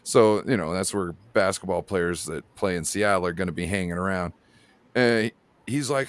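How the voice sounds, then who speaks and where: Guest, man from Washington, low-ish voice, crude rambling storyteller, dry. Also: normal speed, clear, resonant tone, no room sound. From Pacific Northwest, Washington. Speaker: panel guest. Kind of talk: casual chat.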